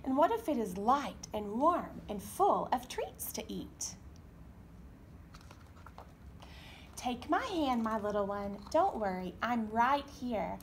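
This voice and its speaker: A woman voicing a gentle, loving mother penguin in a storybook reading, speaking softly and slowly. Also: a little high, very animated, creaky, a little hiss or hum, full character voice. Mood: soothing. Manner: soft, soothing and slow.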